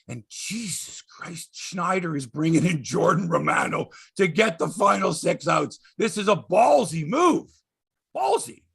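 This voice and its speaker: A middle-aged man hosts a sports show in an exasperated, emphatic rant. His voice sits high and bright, with a husky, gravelly edge, and it swings widely in pitch. He swears for emphasis and drops from loud bursts to low grumbles. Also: animated, normal speed, few pauses. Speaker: sports podcast host. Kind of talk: ranting sports commentary monologue.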